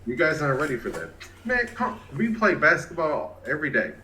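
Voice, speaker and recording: A man's voice: fairly high pitch, huge pitch swings, brisk, sharp tone, reverberant, low-quality recording. A man co-hosting a casual podcast, telling stories with lots of laughter and acted-out quotes. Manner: laughing storyteller, acts out quotes. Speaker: podcast co-host. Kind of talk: casual chat.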